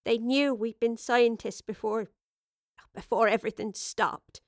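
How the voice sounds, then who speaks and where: A woman's voice: fairly high pitch, fairly even intonation, a little slow, no room sound, clean studio sound, lightly acted. Woman voicing timid, uneasy young survivor. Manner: timid, colloquial grammar.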